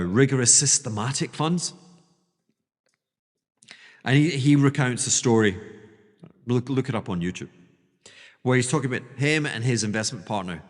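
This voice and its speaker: A man's voice: mid-range voice, long reverb tail. A male podcast host giving a theatrical financial monologue, digressing freely and acting out the voices of others.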